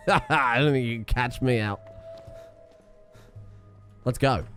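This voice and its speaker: A man's voice: mid-range voice, takes it slowly, pauses often, a bit bright, soft background music. A British man doing casual, sarcastic let's-play commentary, swearing and laughing in asides as a gaming streamer.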